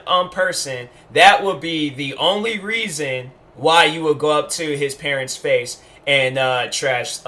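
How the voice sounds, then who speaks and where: A man talks through a casual commentary monologue with a fairly high, bright and forceful voice. He rambles, piles on fillers and restarts himself mid-thought, then drives his points home with emphasis. It sounds like an unscripted vlog rant. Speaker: YouTube commentator.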